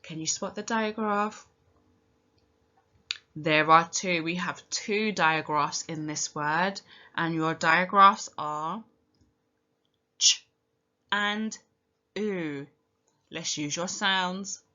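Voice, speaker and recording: A woman with a British accent teaching a recorded phonics lesson for young children, speaking slowly and clearly and sounding out each letter encouragingly. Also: low-pitched, pushed and bright. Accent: British English. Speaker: primary school teacher. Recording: dull lo-fi home recording.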